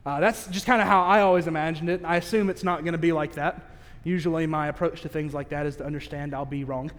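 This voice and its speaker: A man preaching a sermon in a candid, conversational way, with self-aware asides and slow, emphatic stress on key phrases. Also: on the high side, steady tone, a bit bright. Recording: long reverb of a large hall.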